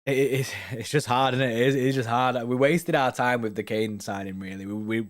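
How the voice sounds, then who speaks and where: A man's voice: medium pitch, fairly even intonation, a little fast. Young guy rambling on a live stream, chatty, keeps saying know what i mean. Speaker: host reading viewer comments. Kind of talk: casual live-stream chat.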